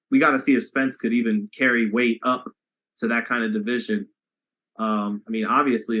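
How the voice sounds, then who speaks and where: A man hosting a live stream in an easygoing, talkative way, reading viewer comments aloud and swearing now and then. His voice is bright and sits at an ordinary pitch for a man. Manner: chatty, reads out viewer comments, swears casually. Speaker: boxing live stream host.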